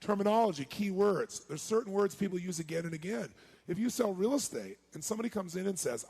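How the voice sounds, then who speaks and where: Raspy-voiced man giving a motivational seminar. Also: sits high, expressive, fast, a little mellow. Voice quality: gravelly, raspy. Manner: punchy, asks the audience questions and repeats key lines. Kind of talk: motivational seminar talk to a live audience.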